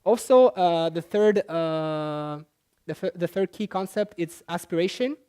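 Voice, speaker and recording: A man presenting a talk to an audience, explaining at an easy pace with frequent pauses and self-corrections. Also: sits high, warm tone, smooth. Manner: halting, with frequent fillers and restarts. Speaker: conference presenter. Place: talk at a language festival.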